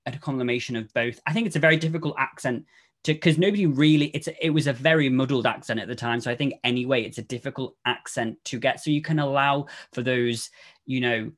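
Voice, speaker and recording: A man co-hosting a horror film podcast, chatting casually with animated swings that sink low at the ends of his phrases. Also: quick pace. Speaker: podcast co-host. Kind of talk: casual film review chat.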